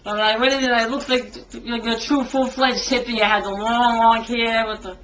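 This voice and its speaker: An older woman, a singer, telling a story from her early career in an interview. She is a lively storyteller who acts out what people said and laughs often. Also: on the high side, normal speed, a little hiss or hum, poor audio. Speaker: singer and tribute artist to a famous singer.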